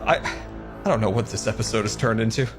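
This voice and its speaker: A man giving commentary on his own Minecraft gameplay, swinging between frantic high-pitched panic and relaxed explanation. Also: a little fast, soft background music. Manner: panicky, squealing, laughing while playing. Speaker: Minecraft YouTuber.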